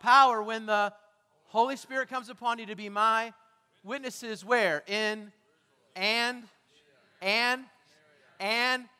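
A man preaching a sermon to his congregation on a stage microphone, quizzing them and breaking into dramatic shouts. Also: very high voice, fairly even intonation, slow, long pauses, smooth. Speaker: pastor. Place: church sanctuary. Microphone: handheld or stage microphone. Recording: church hall reverb.

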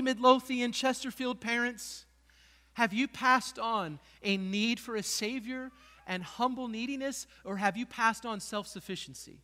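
A man's voice: very high voice, bright, forceful tone, in a large hall. A man, a pastor, preaching a sermon with passion and emphatic peaks, in a church sanctuary.

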